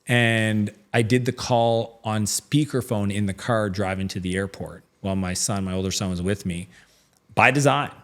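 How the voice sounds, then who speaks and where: His voice is fairly low, a bit bright, and at normal speed. In a casual interview, this middle-aged male guest tells stories chattily, packed with fillers, and acts out the lines of dialogue he quotes.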